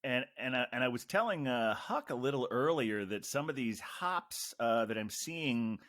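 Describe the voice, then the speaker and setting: A man's voice: medium pitch, expressive, normal speed, a bit bright. A man hosting a beer podcast, talking in a wordy, playful manner and explaining things at length. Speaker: podcast host. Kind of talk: casual chat over beer tasting.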